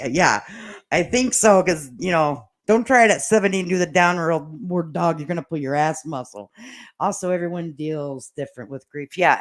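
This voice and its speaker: A woman hosting a casual livestream and reading viewer comments aloud. She talks in a chatty way, laughs often and swears casually. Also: low-pitched.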